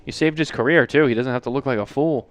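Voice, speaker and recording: Male podcast host, smooth clear voice, teasing and profane, casual banter in a studio lounge. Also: mid-range voice, fast, no room sound. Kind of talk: casual chat.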